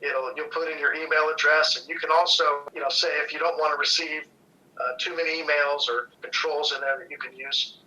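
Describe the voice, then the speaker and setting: Easygoing male guest, very bright tone, somewhat high voice, rambling; lo-fi sound. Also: fairly even intonation, a little fast. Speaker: guest, brewery co-owner. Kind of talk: casual chat. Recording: dull lo-fi sound.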